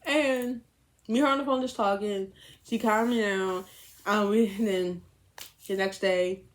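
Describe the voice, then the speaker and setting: A young woman vlogger telling a personal story in casual chat. She talks in an animated, profane way, often laughing. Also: measured pace. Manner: animated, laughing, profane, swings high and low.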